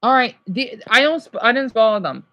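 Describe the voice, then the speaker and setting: A man's voice: very high voice, lively intonation, normal speed, no room sound, dull audio. Man, livestream teacher, casual, rambling, self-correcting, dry close sound. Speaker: livestreamer teaching French words.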